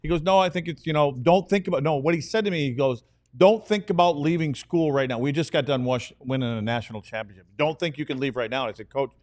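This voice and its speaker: A man's voice: fairly high pitch, no echo, studio quality. A man in his sixties, a podcast co-host and former player, telling rambling, self-deprecating stories in casual talk. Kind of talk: casual storytelling.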